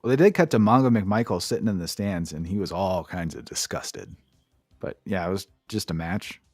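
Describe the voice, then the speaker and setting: A man's voice: low-pitched, moderate pace, darkish tone, husky, no echo, studio quality, soft background music. A man co-hosting a podcast, giving a sarcastic, profane play-by-play recap in casual chat. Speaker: podcast co-host.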